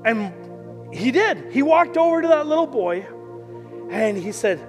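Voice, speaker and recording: A middle-aged man preaching to his church, telling stories with animation and acting out the quotes. His voice sits high for a man. The sound is a reverberant hall with music playing softly underneath. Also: moderate pace, pauses often. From Canada. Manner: animated storytelling, acts out quotes. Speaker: pastor. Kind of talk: sermon. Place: church service.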